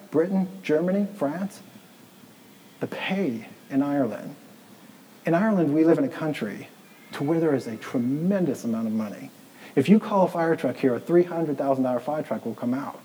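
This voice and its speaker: A man preaching with steady conviction, hammering home each point by repeating it. His voice is mellow and dark, now and then sinking to a hush for emphasis. A faint hum of room ambience sits behind him. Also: on the high side, normal speed, poor audio. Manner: emphatic preaching, repeats points, drops to near-whisper for stress. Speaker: pastor. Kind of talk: sermon. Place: church in Southeast Dublin.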